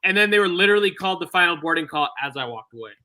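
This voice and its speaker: A man with a high, very bright voice, telling stories in loose podcast chat. He talks in a rambling, profane way, full of asides. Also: animated, very fast. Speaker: podcast co-host. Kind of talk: casual chat.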